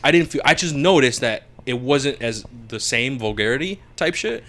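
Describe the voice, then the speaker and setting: Young guy rambling on a podcast, halting, restarts a lot, slangy, middle-pitched voice. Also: animated, fairly bright tone. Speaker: podcast co-host. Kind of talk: casual chat.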